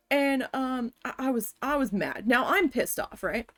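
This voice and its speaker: A woman streamer chats casually while she plays, spinning a long personal story full of swearing. Her voice sits a little high and sounds close and dry, with no room around it. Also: moderate pace, no echo. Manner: profane, animated storytelling.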